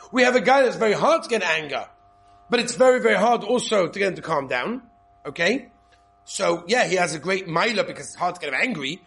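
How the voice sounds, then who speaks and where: A man with Yeshivish English, teaching an informal Torah class, lively and repetitive, checking in with "okay?" often. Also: high voice. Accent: Yeshivish English with Hebrew and Yiddish terms. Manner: lively, repeats points, frequent "okay?" checks.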